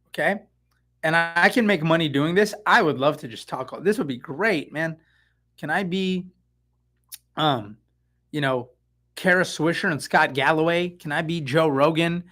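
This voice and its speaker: A middle-aged man from the San Francisco Bay Area, a real estate agent rambling excitedly in a casual live stream with lots of fillers and asides. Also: fairly high pitch.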